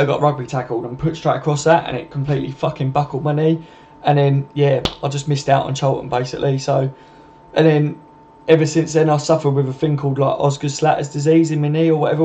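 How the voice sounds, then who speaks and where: A man's voice: a little high, a little mellow. A young man hosting a live stream, reading out viewer comments and answering them in casual chat full of swearing and laughter. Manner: sweary, laughing, matey banter.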